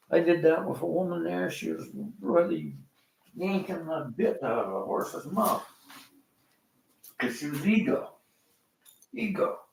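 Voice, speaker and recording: An older man from Canada tells rambling personal stories in a gravelly, unhurried voice. His pitch swings a lot as he acts out the people he quotes. The sound is echoey, as if recorded in a bare room. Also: slight background noise. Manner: rambling, animated storyteller acting out quoted voices. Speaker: vlogger.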